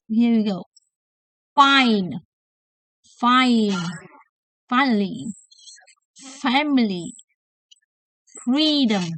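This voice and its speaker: A woman whose first language is Vietnamese, teaching English pronunciation slowly and repeating words for drills. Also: on the high side, smooth, dry recording, poor audio. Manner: slow and deliberate, repeating words for practice. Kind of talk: slow pronunciation lesson with drills.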